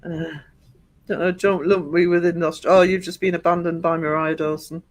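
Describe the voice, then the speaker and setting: A man's voice: a little high, level tone, moderate pace, rough recording. A man hosting a casual live-streamed podcast, reading out chat comments, laughing and teasing, calling people darling.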